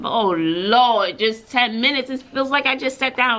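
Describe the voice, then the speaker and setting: A woman's voice: mid-range voice, normal speed. A woman teacher with a Texas accent, vlogging casually from her classroom at lunch and telling stories with sudden squeals. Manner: chatty, animated storytelling with sudden squeals. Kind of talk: casual vlog chat.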